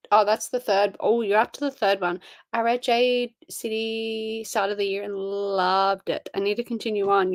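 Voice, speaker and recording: A woman's voice: fairly high pitch, no echo. A tired young woman, chatting casually on a livestream and answering chat messages. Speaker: livestream host. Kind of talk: casual live-stream chat.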